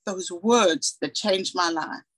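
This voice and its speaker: A woman's voice: lowish voice, slow, fairly bright tone, no room sound, low-quality recording. A woman in her forties from South Africa, giving a candid, earnest personal talk as a guest speaker and acting out the dialogue she recalls.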